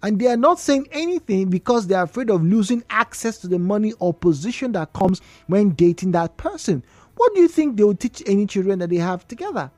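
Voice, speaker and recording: Animated Nigerian woman hosting radio talk. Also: medium pitch, a little fast, no room sound. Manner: animated storyteller, emphatic repetitions. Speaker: radio show host. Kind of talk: radio call-in talk show. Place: radio studio. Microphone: studio microphone.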